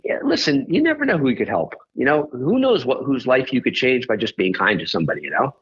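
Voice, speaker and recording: A man's voice: medium pitch, big pitch swings, fast talker, a bit bright, muffled recording, slight background noise. A man, a podcast guest, telling a story in a rambling way and often correcting himself mid-sentence.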